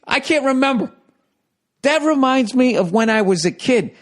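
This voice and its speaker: A man's voice: very high-pitched, normal speed. A man in his forties with a Boston accent, telling a rambling, profane, exasperated story.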